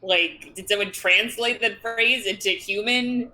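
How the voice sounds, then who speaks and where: A woman's voice: medium pitch, unhurried, bright, forceful tone, rough recording. A woman playing a tabletop game, blunt and questioning, who swears freely. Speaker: player.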